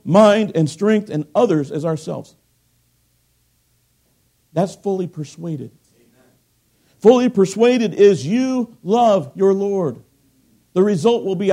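A middle-aged man preaching a sermon, swinging from loud emphatic bursts to quiet, soft asides. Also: high voice.

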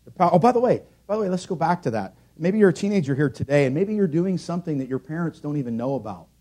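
Man preaching, husky voice, slightly high pitch, middle-aged, earnest, swings loud then soft. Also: expressive, fast. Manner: earnest, rising to loud emphatic peaks then dropping low. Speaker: pastor. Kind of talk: sermon.

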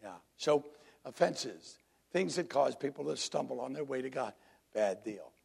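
A man's voice: mid-range voice, expressive, unhurried, creaky, a little mellow, husky. A man preaching a sermon to his congregation in a conversational way, drawing listeners in. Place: church congregation.

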